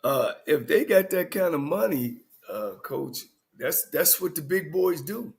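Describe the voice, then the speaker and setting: A man's voice: a little high, expressive, unhurried, creaky. A man who is a coach co-hosting a casual sports talk show, loose and joking as he talks. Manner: laughs often, loose and joking. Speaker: co-host, coach.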